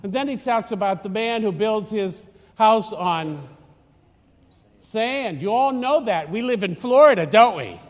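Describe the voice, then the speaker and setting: Recorded with long reverb in a Florida church, a priest whose voice sits high gives a conversational homily with lively intonation and no hurry. He teases, rambles, and restarts many times.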